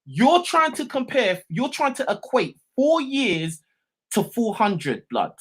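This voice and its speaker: This call-in host with a London accent is locked in a heated live argument, swearing, repeating slang tags, and talking over the caller. His very high voice is sing-song, bright, and husky, and he takes it slowly.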